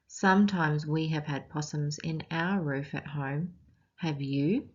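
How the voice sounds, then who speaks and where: Her voice is low-pitched and the audio is dull. This Australian woman reads a picture book aloud to a group of children, stopping to quiz them as she teaches, all at an unhurried, expressive pace.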